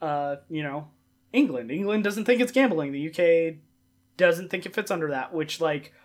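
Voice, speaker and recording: A man's voice: fairly high pitch, moderate pace. A man hosting a casual podcast, laid-back, explaining with lots of fillers. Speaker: podcast host. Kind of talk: casual chat.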